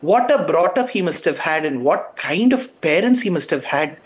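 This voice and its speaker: A man's voice: a little high, lively intonation, normal speed. A man, a guest giving fervent, emphatic commentary on a talk show.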